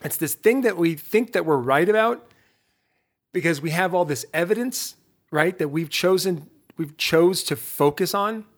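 A middle-aged man hosting his own podcast, giving a lively motivational talk straight to his listeners, full of rhetorical questions and self-interruptions. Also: high-pitched, unhurried. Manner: self-interrupting, laughs at himself. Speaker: podcast host.

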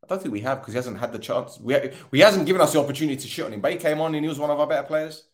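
A man's voice: a little high, very fast. A man hosting a football podcast, giving a tired, frustrated post-match rant with sarcasm and swearing.

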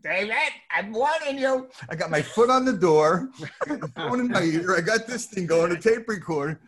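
An older man from New Jersey telling a lively anecdote, acting out the voices of the people in it. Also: high-pitched, brisk. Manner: lively, acts out voices in his story. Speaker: storyteller guest.

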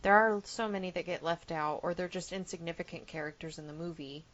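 A woman's voice: fairly low pitch, brisk, fairly bright tone. Woman, podcast co-host, casual chat, emphatic, swears freely, slightly muffled lo-fi sound. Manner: chatty and emphatic, swears casually, laughs often.

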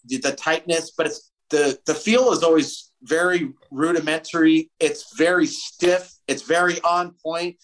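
A man, a musician guest, telling a story in a casual interview, animated and swearing freely. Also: a little high, poor audio. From United States.

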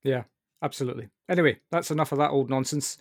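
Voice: medium pitch, quick pace, no echo, studio quality. An interview host who asks questions and answers with brief, encouraging replies. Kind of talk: conversational interview.

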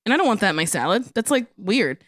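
A woman in her thirties telling a story in casual chat, acting out the people she quotes in a higher voice. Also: fast talker. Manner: animated, acts out quotes in a higher voice. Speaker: comedian guest.

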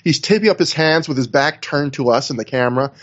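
Talking fast at medium pitch, a man co-hosts a casual wrestling podcast over a video call, and his audio has the highs cut off. He rambles through long, animated recaps, performing what others said.

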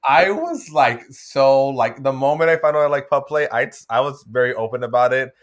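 A man's voice: medium pitch, expressive, normal speed. A man talking as a podcast guest, telling stories in a rambling way with restarts and giggles. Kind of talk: casual chat.

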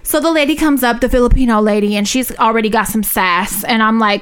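A woman's voice: a little high, fairly quick, hardly any pauses, smooth. A woman co-hosting a podcast, heatedly retelling a run-in with lots of cursing and quoted back-and-forth. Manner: heated, profane, animated retelling with quoted dialogue. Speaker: podcast co-host. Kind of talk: casual chat, storytelling.

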